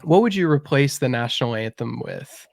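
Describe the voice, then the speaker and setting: A man's voice: mid-range voice, moderate pace, creaky, dry recording. Easygoing man with a dry close sound. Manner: relaxed, stammers and restarts often. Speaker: podcast host. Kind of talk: casual interview chat.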